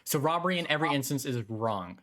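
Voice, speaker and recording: A man's voice: medium pitch, animated, fast, fairly bright tone. A man hosting a debate, patiently questioning his guest through hypothetical scenarios. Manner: probing, patient, poses hypotheticals. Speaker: host.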